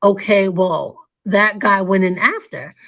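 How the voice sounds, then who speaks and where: A young adult woman reading chat messages aloud and reacting in a casual, hesitant way. She often repeats words while she thinks out loud. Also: medium pitch, a little slow. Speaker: commentary YouTuber.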